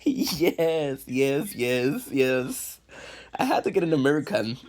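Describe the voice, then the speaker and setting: A man's voice: medium pitch, very animated, unhurried. A man from Quebec chatting casually to his viewers, rambling through jokey tangents and swearing often. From Quebec, Canada. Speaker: streamer.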